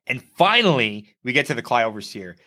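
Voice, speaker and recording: Podcast co-host, male, bright and punchy, tells stories animatedly. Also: mid-range voice, a little fast. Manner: animated storyteller, acts out quotes. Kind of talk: casual gaming podcast chat.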